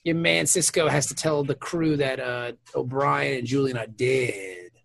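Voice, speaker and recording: A man co-hosting a casual recap chat, profane and quick to act out characters in mock voices. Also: mid-range voice, vocal fry, a bit bright. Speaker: podcast co-host.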